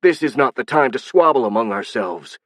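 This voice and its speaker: A man's voice: mid-range voice, animated, moderate pace, a bit bright, no room sound, studio quality, lightly acted. A man voicing a hesitant, worried peacemaker. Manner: hesitant, placating. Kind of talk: audiobook narration.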